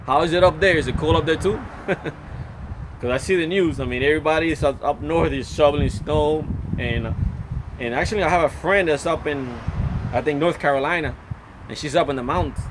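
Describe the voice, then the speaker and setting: A man's voice: medium pitch, noisy background. A middle-aged man hosting a casual live stream from his phone, rambling and reading out viewer comments. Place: Florida.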